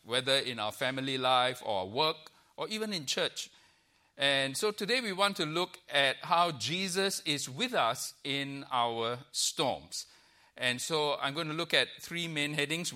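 Bright-voiced man preaching a sermon. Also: a little high, expressive, normal speed. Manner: warm storytelling with frequent uh fillers. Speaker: guest preacher. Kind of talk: sermon with a humorous anecdote. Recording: church service recording.

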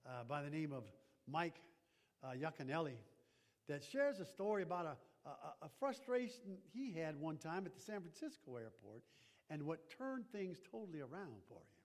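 A male pastor preaching a sermon, halting with many fillers and calling out for an amen. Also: a little high. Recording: long reverb of a large hall.

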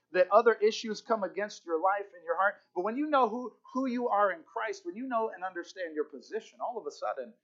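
A man preaching a sermon as pastor, fervent, repeating key phrases and slowing down to stress them. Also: high voice, a bit bright, lo-fi sound.

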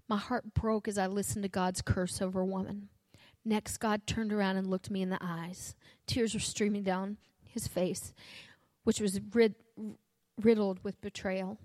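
A woman reading a story aloud in first person, earnest and steady, with a few small restarts. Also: mid-range voice, unhurried, no room sound.

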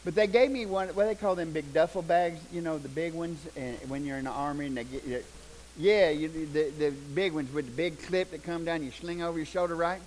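An older man preaching a sermon, telling folksy stories, loud one moment and hushed the next. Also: fairly high pitch, fairly quick, a little hiss or hum, low-quality recording. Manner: folksy, animated, shouts punchlines, drops to hushed tones. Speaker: pastor. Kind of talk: sermon with storytelling.

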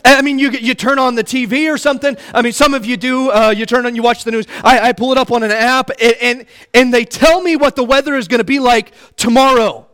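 A man in his thirties delivers a sermon as a pastor, his voice sitting notably high for a man. He tells homely stories and jokes with the congregation, restarting his phrases often in an easy, folksy manner. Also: fairly even intonation, a little fast, few pauses, a bit bright. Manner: folksy, joking storytelling with many restarts.

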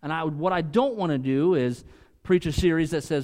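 A man's voice: fairly high pitch, moderate pace. Conversational male pastor preaching a sermon. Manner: conversational, swings from loud emphatic peaks to quiet asides.

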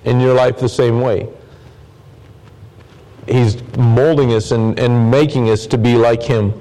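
A man's voice: medium pitch, fairly even intonation, unhurried, mellow, rough recording. A man preaching a sermon as pastor, earnest, often repeating words and phrases for emphasis.

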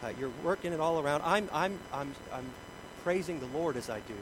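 A middle-aged man preaching a sermon, telling stories about himself in an animated way, with big swings in loudness. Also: a little high, a little fast, noisy background. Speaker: pastor.

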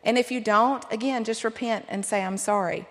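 A middle-aged woman giving a sermon-style talk to a men's conference, earnest and encouraging, with lively asides. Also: on the high side, moderate pace. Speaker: pastor's wife speaking at a men's conference. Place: large hall. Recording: long hall reverb.

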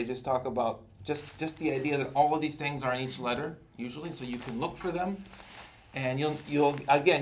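A man's voice: mid-range voice, fairly bright tone, slight background noise. Man teaching a Bible class. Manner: conversational, repeats words, checks in with listeners.

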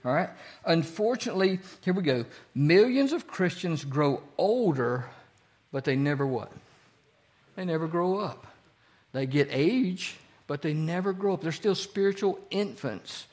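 A man with a slightly higher voice leads a casual, interactive Bible study, repeatedly quizzing his group with fill-in-the-blank questions. Whenever he gets excited, his speech speeds up.

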